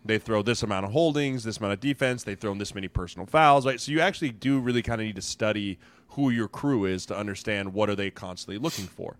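A man in his thirties tells quick, lively stories about his football days, acting out what each person said. His voice sounds dry and close to the mic. The talk is loose and casual. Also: fairly low pitch, no echo. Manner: animated storyteller acting out quotes. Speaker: former football lineman, podcast co-host. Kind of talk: casual sports chat, storytelling.

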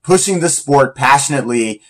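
A man's voice: mid-range voice, animated, moderate pace. Slangy, rambling man talking casually. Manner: loose, rambling, slangy and enthusiastic. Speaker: Muay Thai fighter counting down his influences. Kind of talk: casual countdown talk.

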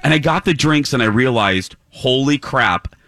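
Bright-voiced man telling a story on radio. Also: medium pitch, moderate pace, dry recording. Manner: animated self-deprecating storyteller. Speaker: morning radio host. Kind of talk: casual morning radio chat.

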